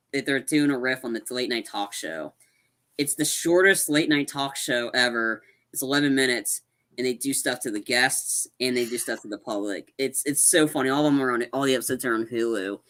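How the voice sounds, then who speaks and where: Brief: co-host, bright, forward tone, loose rambling retelling. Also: medium pitch. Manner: rambling plot recap full of "like". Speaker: movie review podcast co-host. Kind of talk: casual chat.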